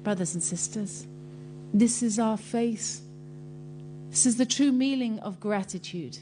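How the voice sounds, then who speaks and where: A woman's voice: on the high side, mellow, slight background noise. Earnest woman giving an impassioned religious talk. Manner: earnest, emotional storytelling with many pauses. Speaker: speaker addressing a Muslim congregation.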